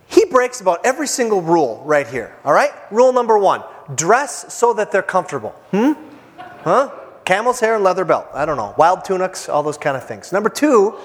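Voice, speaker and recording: A man preaching a sermon as pastor, in a casual joking way with many fillers and restarts. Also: high-pitched. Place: church hall. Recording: church hall with long reverb.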